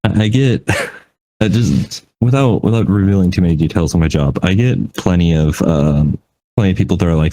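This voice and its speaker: A man's voice: sits low, moderate pace, a little mellow, low-quality recording. A man co-hosting a podcast, chatting casually in a rambling, self-deprecating way with frequent laughs. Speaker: podcast co-host. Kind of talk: casual chat.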